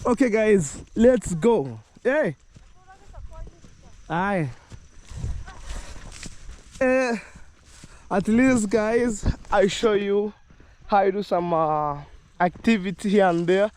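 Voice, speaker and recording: Slow, chuckling male village vlogger. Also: high-pitched, lively intonation, darkish tone. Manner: slow, laughing, apologetic. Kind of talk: casual vlog talk to viewers. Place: outdoors on a rural farm with cows.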